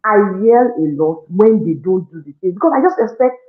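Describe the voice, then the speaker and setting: A woman with a Nigerian accent giving an animated testimonial, acting out her own scolding and prayers and laughing often. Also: medium pitch, fairly quick, few pauses. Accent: Nigerian English. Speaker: parenting program participant. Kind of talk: testimonial interview. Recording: echoey room on a tinny phone-like line.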